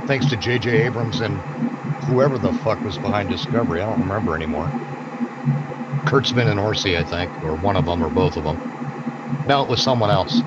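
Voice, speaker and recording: A man's voice: fairly low pitch, fairly quick. A man co-hosting a live stream, chatting casually and ranting with lots of swearing. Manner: profane, ranting. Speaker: co-host. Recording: dull lo-fi stream audio with background noise.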